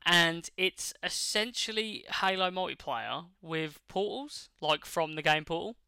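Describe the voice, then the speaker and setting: A man in his late twenties chats casually as a podcast co-host, rambling and swearing, with plenty of fillers and restarts. His voice is very bright and crisp, a touch higher than most men's, and it sounds close and dry. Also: a little slow, no echo. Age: late 20s. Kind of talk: casual chat.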